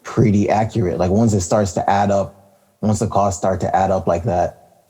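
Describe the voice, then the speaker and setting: A man's voice: sits low, steady tone, moderate pace, warm tone, husky. A man co-hosting a casual hip-hop podcast, talking in a laid-back, rambling way with lots of fillers and laughter. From Canada. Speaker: podcast co-host.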